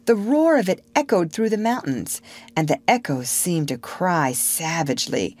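A woman narrating a storybook audiobook for English learners with clear, measured storytelling. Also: on the low side, expressive, darkish tone, no echo.

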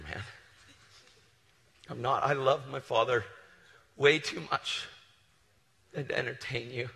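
A man preaches with fervent conviction, swinging from loud declarations to hushed, tender storytelling. His voice is bright and forceful at middle pitch. It rings through a large hall with a long reverb. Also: fairly even intonation, slow pace, vocal fry, pauses often, a little hiss or hum. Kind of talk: sermon. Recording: live sermon in reverberant hall.

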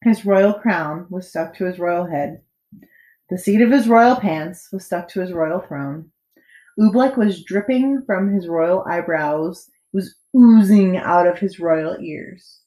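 A woman reading a children's picture book aloud as a storyteller, expressive with dramatic pauses. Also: lowish voice. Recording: echoey room.

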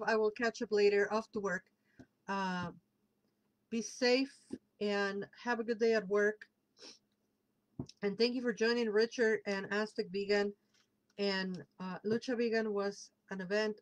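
A woman hosting a casual livestream, chatting warmly and reading out viewer comments as they come in. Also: on the high side, rough recording. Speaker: livestream host and tarot reader.

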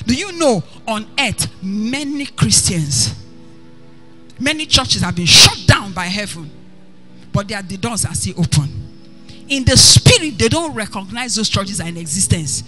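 A woman's voice: mid-range voice, lively intonation, unhurried. Woman pastor, fervent sermon delivery, faint music underneath. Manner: passionate preaching that builds to shouts.

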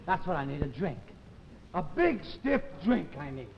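A man performing in a 1950s TV comedy sketch, talking in a frantic, pleading way that swings from mutters to shouts. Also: fairly high pitch, very animated, normal speed. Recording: lo-fi 1950s TV recording with hiss.

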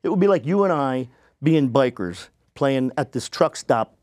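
A man, a podcast guest, telling a story casually and acting out the people he quotes in a higher voice. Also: expressive, normal speed, a little mellow, no echo, studio quality. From United States.

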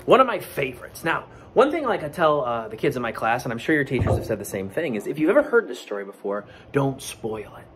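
A man's voice: mid-range voice, fast, hardly any pauses, noisy background. A man who teaches, talking playfully to children before reading a picture book aloud. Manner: animated, chatty and playful with children. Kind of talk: storytime read-aloud for kids.

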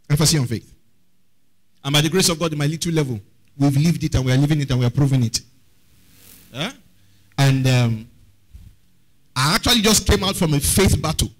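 A man's voice: fairly high pitch, fairly bright tone, poor audio. A man preaching a sermon as pastor, often asking the congregation questions.

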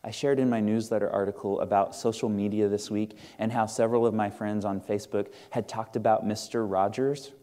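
A man's voice: lowish voice, steady tone, brisk, hardly any pauses, dark tone. A male pastor preaching a sermon in a church, earnest and conversational, asking the congregation questions. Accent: Midwestern American. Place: church sanctuary.

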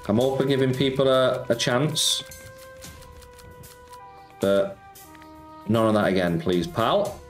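Man, live-stream host, casual and chatty, answers viewers, middle pitch, roomy sound. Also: animated, slow, long pauses. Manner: chatty, reads chat aloud and answers viewers, says mate a lot. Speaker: slots streamer. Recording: roomy echo with music behind.

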